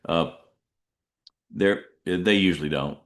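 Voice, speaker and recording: A middle-aged truck driver hosts a podcast, rambling through stories in a self-deprecating way and restarting often, all in a slow, slightly bright voice. When quoting people, he slips into jumpy, high-pitched voices during this casual monologue.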